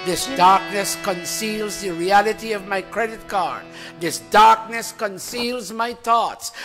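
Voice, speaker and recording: A middle-aged man leads a sermon with call-and-response chanting, moving from loud chant to hushed tones. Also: sits high. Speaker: spiritual teacher leading satsang. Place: large hall before a congregation. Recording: long hall reverb, faint music behind.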